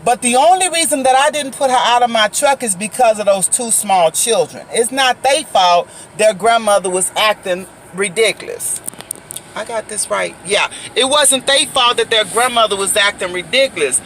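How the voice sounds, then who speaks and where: A woman vlogger and faith prophetess tells a story-time account into her phone, speaking at normal speed in a slightly high, fairly bright voice. She's emphatic, repeatedly calling her viewers "guys" and asking their opinion, with slight background noise behind her.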